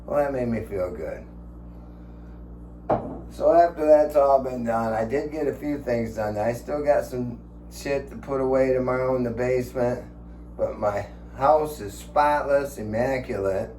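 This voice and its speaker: This man in his sixties speaks in an unhurried, mellow, mid-pitched voice as he rambles through stories for his vlog at home. He swears liberally and chuckles often, and the space sounds echoey with a faint hum.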